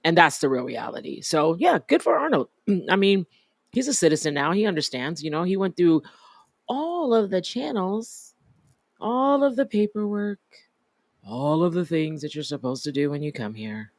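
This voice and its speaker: A man's voice: a little high, sing-song, normal speed, creaky, no echo, clean studio sound. A man co-hosting a podcast, making his point emphatically and repeating phrases. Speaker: podcast co-host. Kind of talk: casual opinionated chat.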